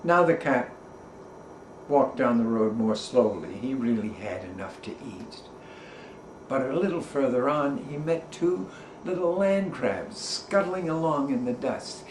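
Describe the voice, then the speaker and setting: A man who works as a storyteller, narrating a children's folk tale in a playful, expressive way. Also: mid-range voice, a little slow, a little hiss or hum. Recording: roomy echo.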